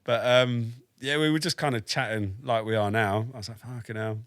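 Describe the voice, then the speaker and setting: A man's voice: mid-range voice, normal speed, a bit bright, dry recording. A British man around forty, an army veteran telling a story as a podcast guest in a frank, matter-of-fact way, with dry humour and swearing. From United Kingdom. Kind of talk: casual storytelling in a podcast interview.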